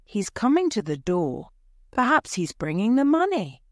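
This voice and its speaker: An anxious old mother in a slow storybook reading, as a woman reads her lines. The voice sits fairly high over a low speaking voice, close and dry with no room sound. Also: expressive, no echo. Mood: excited.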